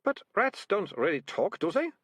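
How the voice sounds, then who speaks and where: A man doing a sharp-tongued, indignant girl. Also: sits high, big pitch swings, moderate pace, breathy edge, no room sound, voice pushed up, exaggerated voice. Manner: indignant and bossy. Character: sharp-tongued girl who hates rats.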